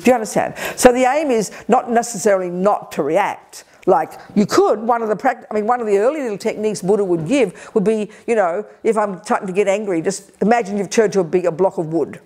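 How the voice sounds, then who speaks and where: A woman's voice: medium pitch, fairly quick, few pauses. An older woman, a Buddhist teacher leading a retreat, talking directly and energetically to a group and taking questions. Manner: energetic, direct, lively emphasis. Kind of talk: Dharma teaching with audience questions. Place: retreat hall.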